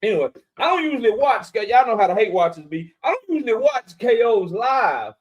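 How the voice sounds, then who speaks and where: A young man hosting a casual livestream, shouting out viewers in chat and joking around with loud, profane banter. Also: high voice, big pitch swings, brisk, highs cut off. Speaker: livestream host.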